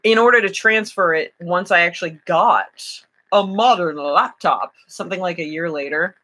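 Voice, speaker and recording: A woman's voice: on the low side, moderate pace, pushed and bright. A woman chatting on a live stream from home, giggly and rambling, with many fillers and restarts. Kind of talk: casual live-stream chat.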